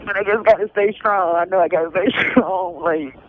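Speaking at normal speed in a high voice, a man begs for public support by phone, worn out and emotional, with nervous laughs scattered through his words. The line is tinny with a little noise.

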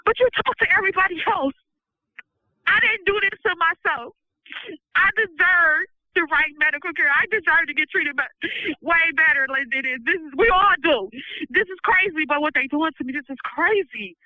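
A woman's voice: extremely high pitch, moderate pace, no echo. A woman speaking urgently and emotionally on a phone, with repeated fillers. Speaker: prisoner pleading for help. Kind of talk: recorded phone plea. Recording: muffled phone line.

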